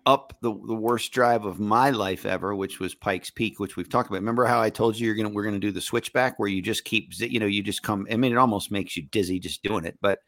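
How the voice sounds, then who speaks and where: A man's voice: fairly low pitch, fast talker, hardly any pauses, fairly bright tone. A middle-aged man co-hosting a talk show, teasing his partner with wisecracks in casual banter. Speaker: co-host.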